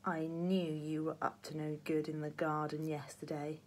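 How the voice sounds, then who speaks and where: A woman's voice: sits low, little pitch movement, normal speed, a little mellow. A woman voicing a cruel, menacing matron, sneering and commanding, in a storybook reading.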